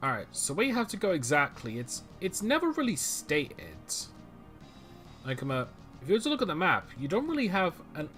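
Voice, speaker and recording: A man's voice: high-pitched, huge pitch swings, fairly quick, fairly bright tone, faint music behind. A man hosting a let's play, chatting casually as he plays, rambling with fillers and restarts. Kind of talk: casual game commentary.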